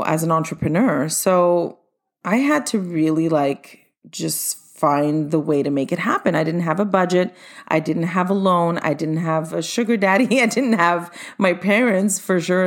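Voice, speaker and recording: Casting: middle-aged woman, dance studio owner, upbeat and chatty storyteller with a slightly low voice. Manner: upbeat, chatty, addresses listeners directly. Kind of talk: personal storytelling monologue.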